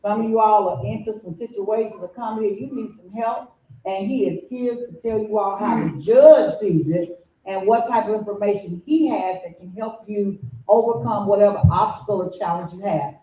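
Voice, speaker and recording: A woman's voice: medium pitch, moderate pace, mellow. A woman with a Southern accent from Tennessee, hosting a community event and introducing speakers in a folksy, chatty way. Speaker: event host. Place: community hall. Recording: echoey, dull room recording from far off.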